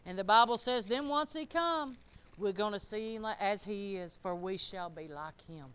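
Speaking at a normal speed, a woman with a medium-pitched, fairly bright and smooth voice gives her congregation a down-home sermon. She talks directly to the listeners and asks them questions throughout.

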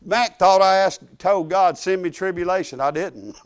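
A woman's voice: on the low side, measured pace. A woman pastor, preaching a folksy, emphatic sermon full of hallelujahs.

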